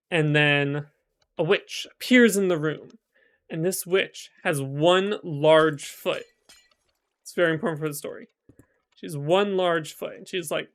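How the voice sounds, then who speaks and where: A man's voice: on the high side, unhurried, fairly bright tone. A male streamer casually retelling a folk tale, chatty and rambling with lots of fillers. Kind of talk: casual storytelling while gaming.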